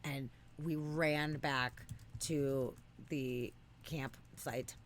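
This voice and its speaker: An animated podcast co-host chatting casually, with a voice that sits at an everyday middle pitch. The delivery swears freely, jumps into loud high exclamations and then drops back to an easy conversational tone. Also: very slow, a little hiss or hum. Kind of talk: casual storytelling chat.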